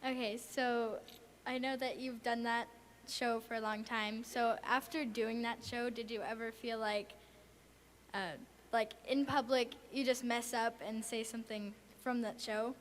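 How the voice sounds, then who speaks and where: Quiet, tentative woman heard from a distance. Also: a little high, level tone, a little slow. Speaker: audience member asking a question. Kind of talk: audience question. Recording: faint noise, distant mic.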